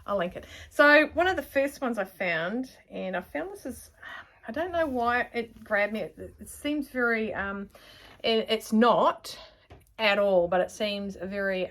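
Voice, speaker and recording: A woman's voice: mid-range voice, a bit bright. Chatty New Zealand woman sewing vlogger. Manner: chatty, rambling, self-mocking. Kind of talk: casual chat to camera.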